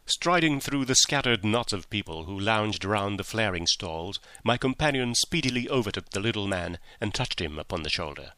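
Low-voiced man reading a story aloud. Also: lively intonation, normal speed, hardly any pauses, bright, forceful tone, no room sound. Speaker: narrator. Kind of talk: audiobook narration.

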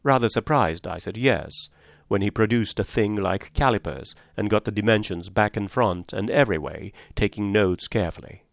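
A man narrating a story for an audiobook in a measured, steady way. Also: fairly low pitch, creaky, no room sound, clean studio sound.

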